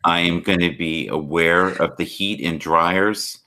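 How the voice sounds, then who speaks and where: Deep-voiced man musing on spirit and love. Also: fairly even intonation, unhurried, pushed and bright. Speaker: livestream host. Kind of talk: casual chat.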